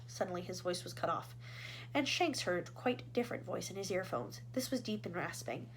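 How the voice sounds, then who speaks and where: A woman's voice: lowish voice, lively intonation, a little fast, slight background noise, poor audio. A woman teacher reading a children's storybook aloud expressively and asking her listeners questions.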